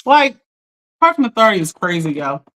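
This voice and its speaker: A woman hosting a live stream, telling a story in an animated, chatty way, talking straight to her viewers and laughing often. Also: medium pitch, a little fast. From Philadelphia. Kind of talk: casual storytelling to a live audience.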